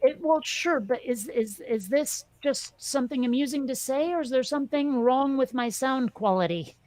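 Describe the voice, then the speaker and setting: A woman's voice: sits high, expressive, normal speed, darkish tone, no echo. A woman hosting a casual group chat, talkative and self-deprecating, trailing off with fillers. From New York area. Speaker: host.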